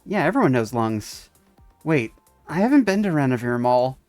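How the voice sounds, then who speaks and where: This man's medium-pitched voice is very animated yet a little mellow, moving at a normal speed. A let's-play streamer, he casually reads a story game's dialogue aloud and chuckles often between lines. The close mic gives a dry sound, with faint game music underneath.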